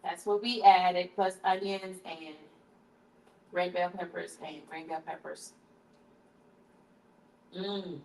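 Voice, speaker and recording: Speaking slowly with long pauses in a fairly low, steady voice, a woman hosts a casual kitchen live stream, chatting to viewers while tasting her food and shifting into hushed prayer. The distant camera mic sounds roomy, with a little hiss or hum.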